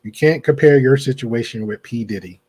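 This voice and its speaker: A man's voice: medium pitch, fairly quick, darkish tone, breathy edge. A man hosting a podcast, reacting to a clip with casual, blunt commentary and repeating his points for emphasis.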